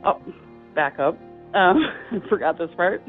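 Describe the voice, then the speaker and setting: A middle-aged woman, an interview guest, telling a personal story in a halting, heartfelt way with many fillers and restarts. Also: lowish voice. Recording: tinny phone-line sound with faint music.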